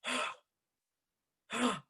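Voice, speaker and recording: A woman emceeing a live online talent show, playful and loud, with dramatic outbursts. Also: very slow. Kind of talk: energetic live event hosting.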